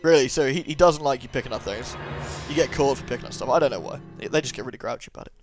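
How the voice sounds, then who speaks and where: A man's voice: medium pitch, racing. A man talks over his gameplay in a loose, jokey way, ribbing the characters and reading bits aloud. His voice sits mid-range, casual and sarcastic, with the game's music playing faintly underneath. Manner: joking, sarcastic, chatty. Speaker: let's play host. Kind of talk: gameplay commentary.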